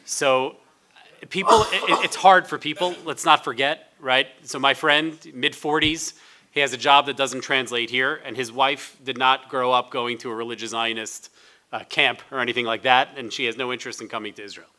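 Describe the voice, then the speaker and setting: A man's voice: medium pitch, steady tone, normal speed, sharp tone. A man, a rabbi on a conference panel, telling a story in a conversational way.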